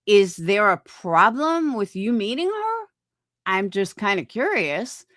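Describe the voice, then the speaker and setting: A woman's voice: mid-range voice, big pitch swings, slow pace, a bit bright, no echo, clean studio sound. Blunt, mocking woman in her forties. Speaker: stream host reviewing clips. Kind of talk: casual reaction commentary.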